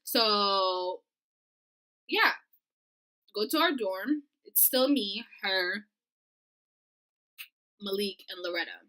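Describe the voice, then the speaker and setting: A young woman telling a storytime vlog, animated and profane, acting out the dialogue. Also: mid-range voice, extremely slow, long pauses, rough recording. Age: young adult. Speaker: vlogger.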